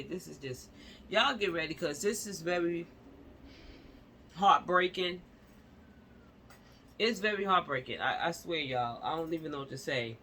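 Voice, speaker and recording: A woman's voice: low voice, pushed and bright, slight background noise. Impassioned woman vlogger, talking at home. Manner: impassioned, talks straight to viewers with repeated fillers. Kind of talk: casual commentary reading a news story.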